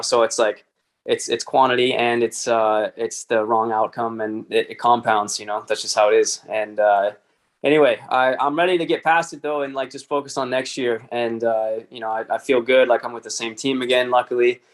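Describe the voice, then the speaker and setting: A man from Texas, a racer being interviewed, speaking in a hesitant, low-key way full of fillers. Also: little pitch movement, a little fast. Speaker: motorcycle racer, guest. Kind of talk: casual podcast interview.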